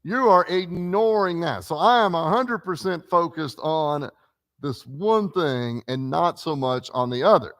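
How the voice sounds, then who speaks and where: A man's voice: fairly high pitch, unhurried. A preacher leading a conversational Bible class in a church classroom, quizzing the group and peppering his points with "right?" and "okay?".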